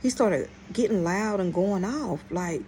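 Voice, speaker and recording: A woman's voice: mid-range voice, a little slow, a little hiss or hum. Blunt, outspoken woman telling a story. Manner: blunt, profane, speaks straight to viewers; animated, exclaims in outrage. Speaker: channel host. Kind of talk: storytime vlog.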